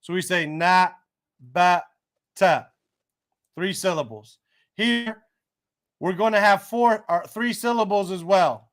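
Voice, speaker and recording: Male tutor, higher voice, unhurried, patient and encouraging. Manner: patient, encouraging, slow and careful. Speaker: Arabic teacher. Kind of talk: one-on-one tutoring lesson.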